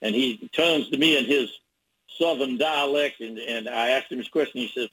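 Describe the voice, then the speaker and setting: A man's voice: mid-range voice, normal speed, a bit bright, breathy edge, rough recording. A man, a sports reporter, telling a story as a radio guest, rambling with many restarts.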